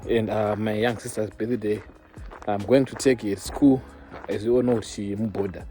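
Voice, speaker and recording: A man's voice: lowish voice, steady tone, normal speed, warm tone, faint music behind. A young man with a Zimbabwean accent, chatting loosely to camera in a casual vlog and mixing in Shona phrases. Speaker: vlogger. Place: outdoors in a town centre.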